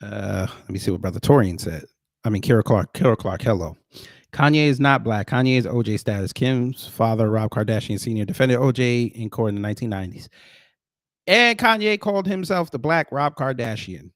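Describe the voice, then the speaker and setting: A man hosts casual reaction commentary and talks straight to his viewers. His pitch rises and falls a great deal as he moves from loud emphatic lines to quiet muttered asides. The sound is close and dry, with no room around it. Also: animated, a little fast, dry recording. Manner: addresses viewers directly as folks. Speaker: commentary host.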